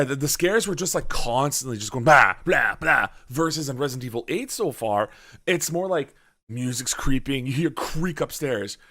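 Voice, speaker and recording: A man chatting on a podcast, telling a story in an animated way and acting out his own reactions, with a lot of swearing. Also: mid-range voice. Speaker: podcast host. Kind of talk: casual podcast chat.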